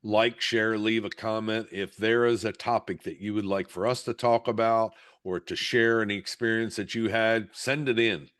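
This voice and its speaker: A man's voice: on the low side, moderate pace, hardly any pauses, clean tone. A middle-aged man co-hosting a podcast, chatting casually and acting out the people he quotes. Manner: animated storyteller, acts out the quotes. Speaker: podcast co-host. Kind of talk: casual chat.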